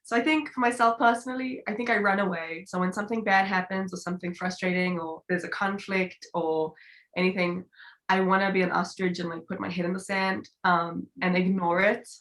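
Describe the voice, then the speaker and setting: A woman's voice: fairly low pitch, steady tone, brisk, fairly bright tone. A young South African woman, a student, sharing candidly and with self-deprecating humor on a video call. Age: young adult. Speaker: student group member.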